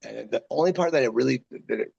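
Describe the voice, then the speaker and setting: A man with a raspy, deep voice, a guest wrestler telling rambling stories in a casual interview. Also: fast, dull audio. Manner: rambling, animated, full of quoted asides.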